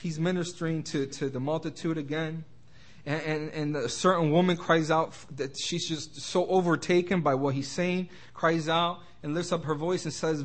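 A young man teaching an informal Bible study sermon, stumbling over words and restarting often, slowing down to stress quoted scripture. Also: fairly high pitch, steady tone. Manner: halting, many restarts and repeated words.

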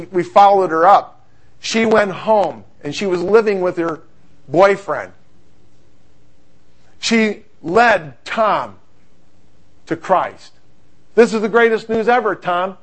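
A middle-aged man preaching a sermon, telling stories in an animated, humorous way. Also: high voice.

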